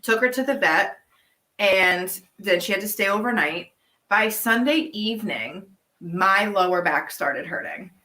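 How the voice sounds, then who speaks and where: A woman co-hosting a casual livestream Q&A from her farm, telling stories in a chatty, animated way. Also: medium pitch, a little slow, echoey room, poor audio. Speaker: farm co-owner and livestream host.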